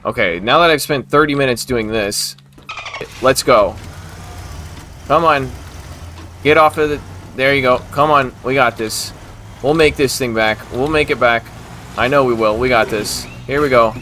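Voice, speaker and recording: Bright-voiced exasperated male gamer. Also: mid-range voice, normal speed, pauses often, a little hiss or hum. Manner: exasperated, talks to the game, frequent outbursts. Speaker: gaming video host. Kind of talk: casual gameplay commentary.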